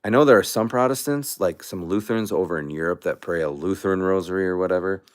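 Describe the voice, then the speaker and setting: Man, very deep voice, out of breath, rambling livestream host, casual chat. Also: fast. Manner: rambling, animated, restarts often.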